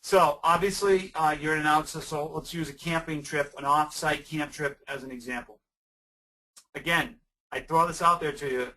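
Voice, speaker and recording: Bright-voiced man answering webinar questions. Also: a little high, fairly even intonation, normal speed, recorded from a distance, poor audio. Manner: conversational and emphatic, frequent restarts. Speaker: webinar presenter and camp weather safety trainer.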